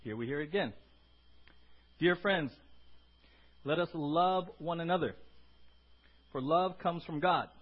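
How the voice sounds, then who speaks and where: A high-pitched male pastor preaches in a relaxed, conversational way and teases people in the pews by name. The sound is dull and lo-fi, like an old church recording. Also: a little slow, pauses often. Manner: joking with the audience, calls on people by name. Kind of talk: conversational sermon to a congregation.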